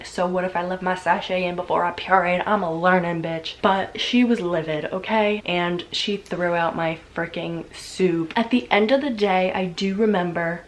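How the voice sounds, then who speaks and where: A young woman vlogger tells a story straight to camera, chatty and animated. She swears freely and fills her talk with casual fillers, her voice sitting at a middle pitch. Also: low-quality recording.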